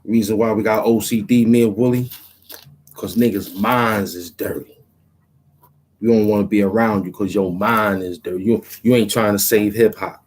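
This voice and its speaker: Rapper guy w a lowish voice just rambling, lots of slang and you know what im saying, small room. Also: fairly even intonation, moderate pace, a little mellow, a little hiss or hum, low-quality recording. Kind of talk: casual rambling monologue.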